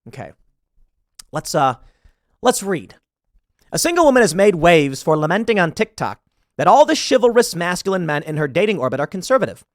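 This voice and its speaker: A man giving sarcastic, animated political commentary on a news story, with frequent asides. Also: high-pitched, a little fast, pauses often, no room sound, studio quality.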